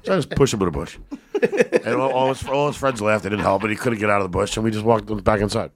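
A man's voice: fairly low pitch, fast. A man, a guest comedian, telling stories in a casual podcast chat, stammering and restarting as he goes. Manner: animated storyteller, stammers and restarts.

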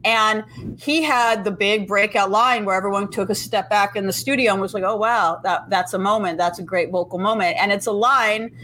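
A woman hosting a podcast who talks things through in a thoughtful, hedging way. Her pitch sits in the middle range. A faint hiss runs underneath. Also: normal speed, bright, forceful tone, rough recording. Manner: thoughtful, hedging with many likes. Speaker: podcast host. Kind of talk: casual chat.

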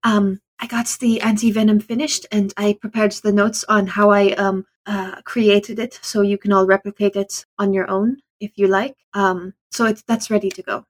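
A woman player in a tabletop game, talking hesitantly with many fillers and turning excitable. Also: mid-range voice, moderate pace, few pauses. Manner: hesitant, excitable, laughs often.

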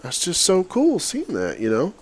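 A man who leads a youth outdoors program, telling a long story in a relaxed, rambling way with lots of fillers. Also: high-pitched, normal speed. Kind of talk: casual storytelling chat.

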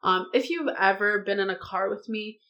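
A woman's voice: mid-range voice, normal speed, bright, forceful tone. A young woman talks casually and animatedly as a podcast guest, her English carrying the trace of another first language. She chats freely in a living room and laughs often. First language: not English. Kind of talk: casual chat.

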